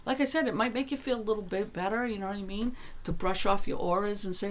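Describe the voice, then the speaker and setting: Speaking fast at a medium pitch, with a little background noise behind her, this New Hampshire author and energy worker discusses her spiritual practice as a guest in relaxed conversation. Her tone turns heated and insistent, and the blunt, emphatic talk comes laced with plenty of swearing.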